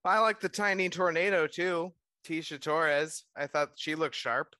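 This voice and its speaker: A man's voice: a little high, measured pace, sharp tone, dry recording. A man co-hosting a casual sports podcast, laid-back and teasing, laughing easily. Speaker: podcast co-host.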